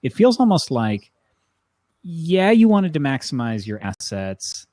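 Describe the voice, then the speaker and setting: Lively man asking probing questions. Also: a little high, a little slow, dry recording, clean studio sound. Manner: probing, thinks aloud in long questions. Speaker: podcast co-host. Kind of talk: casual podcast chat.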